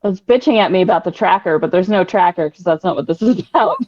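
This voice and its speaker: A woman playing a tabletop game, lively and quick to laugh. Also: fairly low pitch, muffled recording. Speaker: player. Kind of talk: casual game-table chat.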